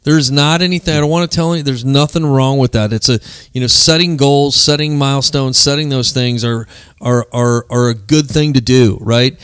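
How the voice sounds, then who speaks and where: This is a man hosting a casual podcast conversation, and he tells stories in a chatty, easygoing way. His voice sits at an ordinary middle pitch. The sound is dry, with no room echo. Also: fairly even intonation, moderate pace, a bit bright, clean tone. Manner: chatty storyteller, fills with "man" and "you know". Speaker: podcast host and co-founder of a men's mental health group.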